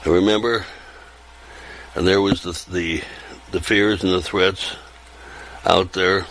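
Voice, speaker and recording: An older man in his seventies with a fairly low voice talks on in a loose, rambling monologue. He circles back, repeats words and restarts sentences as he goes, in an unhurried, conversational delivery. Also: steady tone, fairly bright tone, a little hiss or hum, low-quality recording. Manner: meandering, repeats and restarts phrases.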